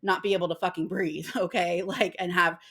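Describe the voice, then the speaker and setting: Young woman, bright voice, heated casual rant, swears a lot, acts out voices. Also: fairly low pitch, little pitch movement, a little fast, husky. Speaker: spiritual vlogger. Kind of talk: casual ranting monologue.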